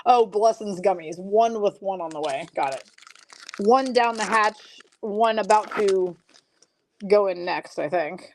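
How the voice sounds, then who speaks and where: A woman's voice: mid-range voice, measured pace, noisy background. A woman hosting a live hockey card break, reading out pulls and chatting with viewers. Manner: chatty, reads card names and viewer comments. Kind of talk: casual live stream chat.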